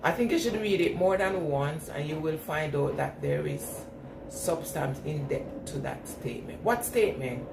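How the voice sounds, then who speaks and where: A woman's voice: low voice, lively intonation, moderate pace, recorded from a distance, noisy background. A woman with a noticeable accent, chatting casually with her viewers and answering their comments while washing her hair. She laughs often and repeats herself as she replies. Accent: non-standard English accent. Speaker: vlogger reading live chat. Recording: echoey room with clear background ambience.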